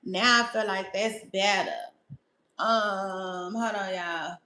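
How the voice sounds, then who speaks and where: A woman's voice: mid-range voice, fairly even intonation, slow pace, pushed and bright, echoey room, a little hiss or hum. A woman chatting casually with viewers as a podcast host, laid-back and laughing, with slangy talk.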